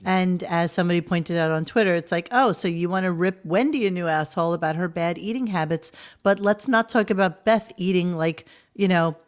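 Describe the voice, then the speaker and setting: A woman's voice: fairly low pitch, a little fast. A woman hosting a podcast, chatting casually in a wry, blunt, joking way. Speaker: podcast host. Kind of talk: casual chat.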